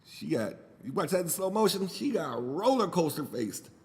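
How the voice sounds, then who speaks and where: A man's voice: a little high, sing-song, normal speed, darkish tone, big-room sound. A man whose first language is Spanish, hosting a podcast alone from home. He rambles loosely, swears freely and jokes as he talks. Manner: loose, profane, joking and rambling. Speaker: podcast host. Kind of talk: casual solo podcast monologue.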